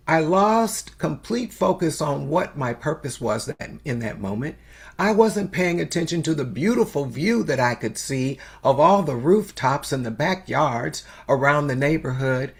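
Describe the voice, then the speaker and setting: An older woman telling a story as a sermon, slow and unhurried with long pauses. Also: deep voice, creaky, breathy edge. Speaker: spiritual speaker.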